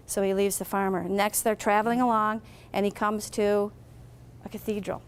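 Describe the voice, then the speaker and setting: A woman guest speaker telling a parable as an animated storyteller. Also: medium pitch, moderate pace, smooth. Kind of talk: storytelling speech.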